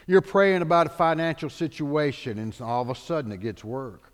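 Animated preacher in a reverberant hall. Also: male voice, fairly high pitch, brisk. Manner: dramatic preacher, voices the people in the stories. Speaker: pastor. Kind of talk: sermon.

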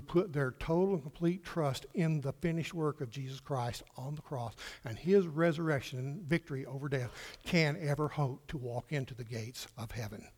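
A male pastor preaching a sermon emphatically, swinging from loud declarations to hushed questions and repeating words for stress. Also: on the high side, moderate pace, slightly rough. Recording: reverberant hall.

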